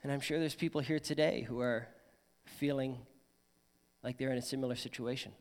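A man's voice: medium pitch, fairly even intonation, moderate pace, long reverb tail. A man preaching a sermon in church, earnest and personal, sometimes voicing people's imagined thoughts. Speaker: pastor.

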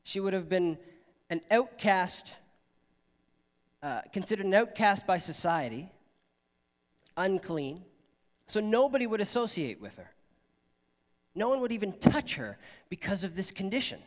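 A man's voice: high-pitched, very animated, a little slow, pauses often, in a large hall. A man preaching a sermon in church, earnest and personal, sometimes voicing people's imagined thoughts. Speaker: pastor.

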